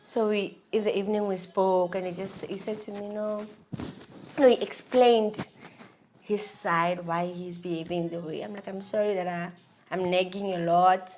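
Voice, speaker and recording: A woman telling her own story in an animated, emotional way, acting out the dialogue. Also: medium pitch, normal speed, slight background noise. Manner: animated, emotional retelling with acted-out dialogue and laughs. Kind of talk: personal storytelling.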